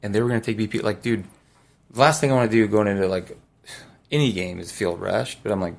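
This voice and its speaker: A man's voice: fairly low pitch, normal speed, creaky. A man in his thirties, a former ballplayer, telling stories in a casual interview, rambling and laid-back with lots of fillers. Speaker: former pro baseball player, podcast guest.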